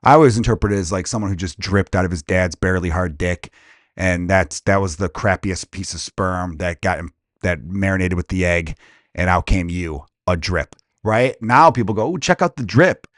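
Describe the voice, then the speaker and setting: A man hosting a comedy podcast, ranting casually in a crude, profane, animated way and slipping into quick impressions. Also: low voice, dry recording, clean studio sound.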